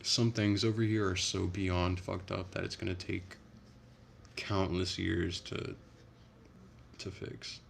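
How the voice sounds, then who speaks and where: A man's voice: sits low, little pitch movement, measured pace, gravelly, slight background noise. A young man hosting a casual livestream from home on his phone, chatty and profane, ranting and answering his viewers. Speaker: livestream host. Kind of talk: casual livestream chat reading comments.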